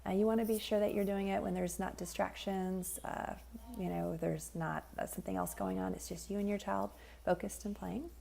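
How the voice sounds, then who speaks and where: Very gravelly, mellow-voiced woman coach. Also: mid-range voice, moderate pace. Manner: calm, unscripted explaining with many fillers. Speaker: parent coach and child sleep expert. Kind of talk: informal educational video tip.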